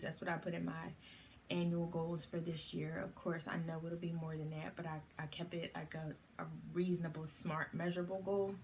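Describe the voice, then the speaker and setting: A middle-aged woman retelling a story to camera in a chatty, animated way, with many fillers. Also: on the low side, gravelly, a little hiss or hum. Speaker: vlogger.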